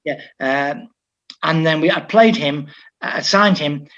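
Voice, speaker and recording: Older guy from liverpool telling coaching stories, kinda high voice, audio a bit muffled. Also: slow. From Liverpool, England. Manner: animated, anecdotal, frequent restarts. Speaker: football coach, guest. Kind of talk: storytelling interview talk. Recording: dull lo-fi audio.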